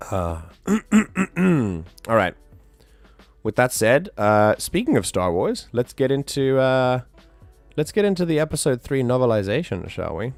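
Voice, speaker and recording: Chatty low-voiced male streamer, dry close mic. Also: no echo. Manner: rambling, with many restarts and fillers. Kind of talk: casual live-stream chat.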